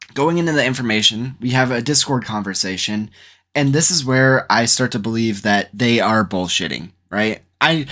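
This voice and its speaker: A man giving casual commentary, doubtful and a little rambling, full of fillers and restarts. His voice sits at an ordinary middle pitch. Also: a bit bright. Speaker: commentary channel host.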